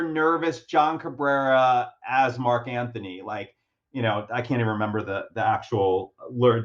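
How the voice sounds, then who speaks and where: A man's voice: medium pitch, muffled recording. A man speaking as a guest in a casual interview. He tells a story at length, with many fillers and restarts, and laughs often. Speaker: guest actor.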